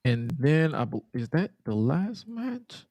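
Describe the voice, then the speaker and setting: A man's voice: a little high, very animated, slow pace, vocal fry, a little mellow, no echo. A young man co-hosting a wrestling podcast in loose casual chat, slangy and given to repeating himself. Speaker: podcast co-host.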